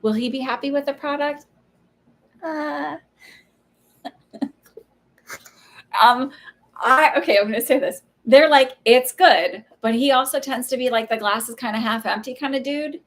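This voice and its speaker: A woman's voice: sits high, a little slow, long pauses, a bit bright. Chatty woman giving hesitant psychic readings. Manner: hesitant, many fillers, chatty asides to viewers. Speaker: psychic reader on a livestream. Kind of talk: casual live reading, answering viewer questions.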